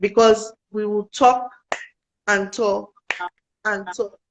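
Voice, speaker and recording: A woman's voice: medium pitch, takes it slowly, muffled recording, a little hiss or hum. A young woman from Africa, earnestly telling a personal story in a casual interview and acting out the conversations in it. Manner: earnest, animated, quotes people in dialogue. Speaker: guest.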